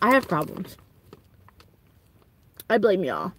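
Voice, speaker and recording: A young woman with a Southern US accent chatting casually to viewers on a livestream from home, giggling and breaking into high squealing quotes. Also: wildly swooping pitch, takes it slowly, noisy background. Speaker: livestream host.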